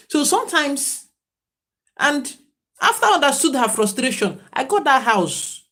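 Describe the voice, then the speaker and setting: A woman's voice: high-pitched, very animated, unhurried, a bit bright. A woman, talking casually and reflectively to viewers on a livestream, in a preachy tone. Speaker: livestream host.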